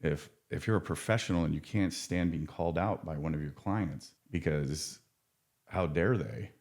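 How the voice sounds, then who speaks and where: Deep-voiced guy, counselor type, talks real frank and earnest, swears a bit, keeps restarting. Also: normal speed, a little mellow. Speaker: addiction counselor. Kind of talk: casual podcast conversation.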